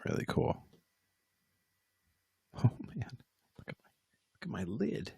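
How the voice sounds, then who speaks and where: With a mid-range voice full of huge pitch swings, this musician talks slowly on his casual home livestream, rambling, making fun of himself, and addressing the chat directly. His tone is warm and slightly rough, with vocal fry, and there's no room sound.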